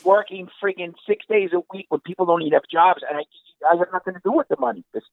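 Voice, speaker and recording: Fast-talking man on a tinny phone line. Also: sits high, vocal fry, dry recording. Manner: animated, exasperated, swears, acts out quotes. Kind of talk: casual chat.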